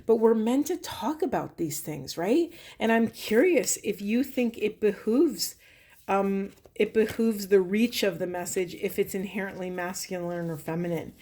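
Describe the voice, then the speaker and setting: A woman's voice: mid-range voice, unhurried, mellow. A woman giving a spiritual tarot reading to camera, thinking aloud in a reflective, earnest way with many fillers. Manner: earnest, pleading with viewers. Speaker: tarot reader.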